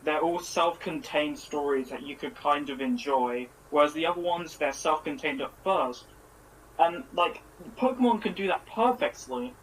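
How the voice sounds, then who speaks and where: A man's voice: a little high, moderate pace, poor audio. A man in a casual voice-call chat, eagerly explaining a point at length. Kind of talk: casual chat about an anime. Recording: voice call with faint noise.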